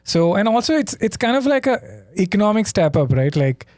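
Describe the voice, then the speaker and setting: Male comedian guest from India, calm and reflective, slightly high voice, close dry sound. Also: fairly quick, no echo. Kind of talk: casual chat.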